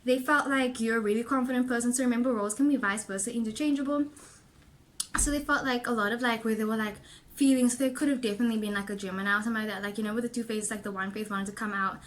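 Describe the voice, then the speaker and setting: A woman's voice: fairly high pitch, steady tone, quick pace, a bit bright. A young woman giving a casual tarot reading, chatty and rambling with lots of fillers, a little out of breath. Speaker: tarot reader and vlogger.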